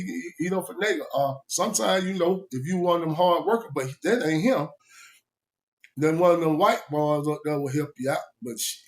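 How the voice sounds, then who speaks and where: Man storyteller, animated, laughs a lot, somewhat high voice, casual telling. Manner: animated, laughs often, voice jumps high when quoting himself.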